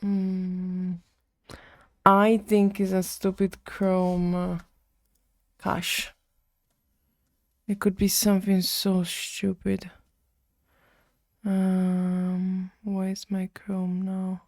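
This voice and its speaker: A woman's voice: medium pitch, monotone, very slow, long pauses, no echo. A woman streaming live, muttering to herself while she works at the computer and chatting with her viewers. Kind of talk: casual live-stream chat while coding.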